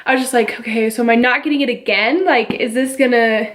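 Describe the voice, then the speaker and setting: A woman's voice: on the high side, fairly even intonation, fast. A young woman vlogging at home, chatting casually as she retells a story and quotes the people in it. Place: at home with her baby.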